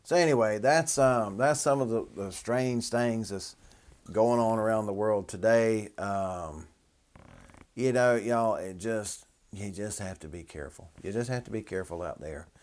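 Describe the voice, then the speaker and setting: A man's voice: on the low side, a little slow, darkish tone. A man, a minister hosting a show, commenting on a news article in a wry, chatty, sardonic way.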